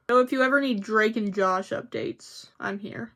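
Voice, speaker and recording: A woman's voice: mid-range voice, normal speed, few pauses, fairly bright tone. A young woman vlogging to camera in a casual, rambling chat, swearing freely and joking at her own expense. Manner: rambling, profane, self-mocking.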